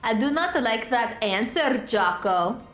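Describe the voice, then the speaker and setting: A woman's voice: on the high side, expressive, unhurried, fairly bright tone, faint music behind. A woman playing in a tabletop game, talking casually with lots of filler words. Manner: chatty, filler-heavy. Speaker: player.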